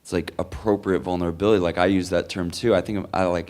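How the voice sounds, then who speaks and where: Low-voiced male speaker, earnest and rambling Q&A answers, lots of "like"s. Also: fairly even intonation, fast, darkish tone. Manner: earnest, rambling, many likes and restarts. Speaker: conference speaker. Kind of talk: Q&A answer, storytelling. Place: conference hall.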